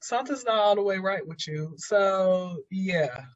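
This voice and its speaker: Animated joking woman comedian. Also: mid-range voice, no echo, muffled recording. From Atlanta, USA. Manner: animated, quick jokes, lots of restarts. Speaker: comedian guest. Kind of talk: stand-up style storytelling in casual chat.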